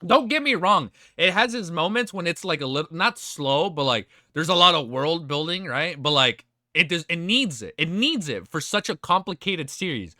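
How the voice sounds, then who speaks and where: Excitable man, animated and bright. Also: a little high, normal speed, dry recording, clean studio sound. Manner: excitable, hyped, casual slang and swearing. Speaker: streamer reacting to a web novel. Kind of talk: live reaction stream.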